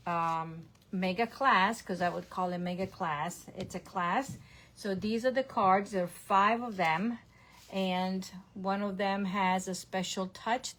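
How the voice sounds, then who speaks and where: A woman demonstrator casually recapping her card projects to camera from her home craft room, with lots of ums and self-corrections. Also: medium pitch. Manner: chatty, showing cards, frequent ums and self-corrections. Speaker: online stamping demonstrator.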